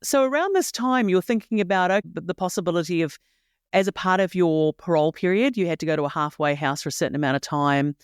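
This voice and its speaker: A woman hosting an interview podcast who asks measured, probing questions. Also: on the low side, smooth, no echo, studio quality. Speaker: podcast host.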